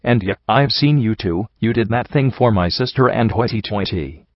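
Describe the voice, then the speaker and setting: An earnest, eager little filly, pleading and sincere, as a man reading the story voices her, though the voice stays low and close to his own. A dull, dry recording. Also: normal speed, dry recording. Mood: indignant.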